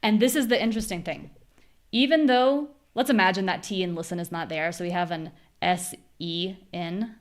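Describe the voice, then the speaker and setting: A woman with an American accent teaching pronunciation in a live online class, patiently checking the chat and demonstrating rhythms with exaggerated stressed syllables. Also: fairly low pitch.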